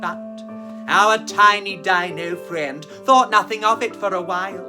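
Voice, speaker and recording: A woman's voice: mid-range voice, unhurried, music in the background. A woman hosting a children's rhyme time, reading a storybook aloud with theatrical, gushing praise for the little ones.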